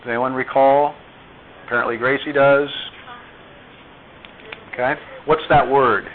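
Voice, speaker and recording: A man's voice: mid-range voice, fairly even intonation, a little hiss or hum. A man teaching a chemistry class, quizzing his students as he goes. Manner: quizzing students, slow and deliberate. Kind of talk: classroom lecture with questions to students. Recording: tinny phone-like classroom recording.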